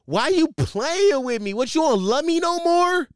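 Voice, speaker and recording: A pushy, drunk young woman whines down the phone in a squeaky, high, swooping voice, as a man puts her on. She is demanding and complaining. The sound is close and dry. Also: very animated, moderate pace, smooth, no room sound. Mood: whiny.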